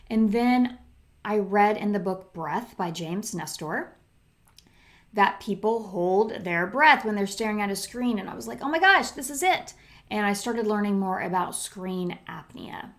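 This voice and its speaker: A middle-aged woman hosting a solo podcast, talking in a chatty way with lots of fillers and restarts. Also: medium pitch. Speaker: podcast host.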